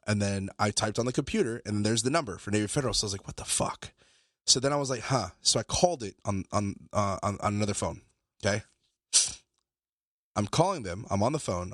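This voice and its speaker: A man with a lowish voice tells a story at a fast clip, animated, swearing freely as he acts out both sides of phone calls. The sound is close and dry, with no room around it. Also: no echo. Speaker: podcast co-host. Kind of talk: casual storytelling.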